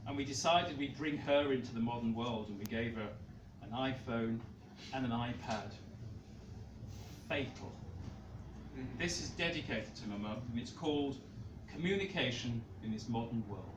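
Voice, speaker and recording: A man doing a comic poetry reading at a small live venue, breaking into loud shouted lines. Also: medium pitch, expressive, moderate pace, slight background noise. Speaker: performance poet. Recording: roomy, distant live room mic.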